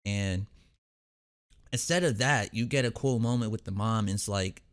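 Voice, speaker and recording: A man's voice: on the low side, normal speed. A young man hosting a reaction video, casually recapping an episode in a rambling way, full of fillers and restarts.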